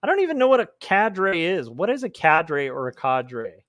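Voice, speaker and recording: A man's voice: high-pitched, big pitch swings, normal speed, fairly bright tone, no room sound. A man livestreaming while he draws comics, chatting casually and reading out chat messages, with rambling asides and chuckles.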